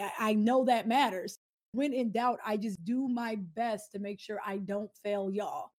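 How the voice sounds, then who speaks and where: A woman streamer answering a viewer question in casual, heartfelt chat, rambling and earnest with slangy talk. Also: on the high side. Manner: rambling, earnest, slangy, quick swings to loud.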